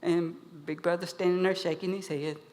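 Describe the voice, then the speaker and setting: A woman storyteller telling a traditional animal tale to a live audience, animated and lively. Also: lowish voice, moderate pace. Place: museum event hall. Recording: long hall reverb.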